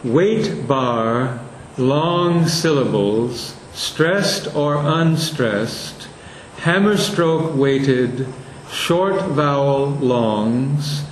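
A man teaching a lesson on verse meter, slowly sounding out and repeating words to show where the stress falls. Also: medium pitch, lively intonation, reverberant, slight background noise, poor audio.

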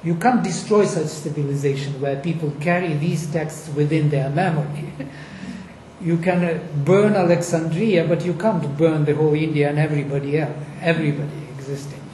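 An emphatic speaker lectures on a panel, throwing in rhetorical questions to drive each point home. The voice is dark and mellow. It rings in an echoey room over a faint hiss. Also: mid-range voice, moderate pace. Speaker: lecturer on Vedic recitation. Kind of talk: panel discussion explaining.

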